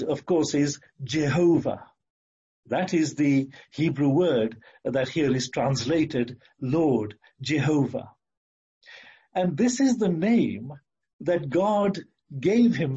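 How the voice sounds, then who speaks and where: A man preaching a sermon, speaking slowly and deliberately and repeating his key phrases. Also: fairly high pitch, mellow, slightly rough. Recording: dull lo-fi recording.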